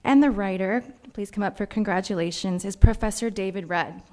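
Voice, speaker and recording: A woman's voice: medium pitch, darkish tone. A woman announcing essay award winners at a banquet, reading the committee's remarks. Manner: measured, formal reading. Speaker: award presenter. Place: banquet hall.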